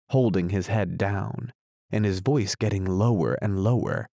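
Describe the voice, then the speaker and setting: A man reads a classic storybook aloud in a measured, even way. His low voice carries a gravelly texture, and the recording is close and dry. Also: no echo. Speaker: audiobook narrator. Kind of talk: storybook narration.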